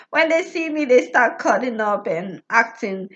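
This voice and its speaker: Speaking slowly, a woman with a high, bright, forceful voice swoops wildly in pitch as she tells a personal story. She's an astrology vlogger in a casual monologue who stammers, restarts, laughs frequently, and asks "you get what I'm saying?" in slightly muffled lo-fi audio.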